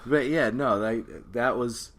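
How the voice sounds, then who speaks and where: A man's voice: medium pitch, slow. A young man co-hosting a podcast, telling a party story in casual chat, acting out quotes and laughing often. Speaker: podcast co-host.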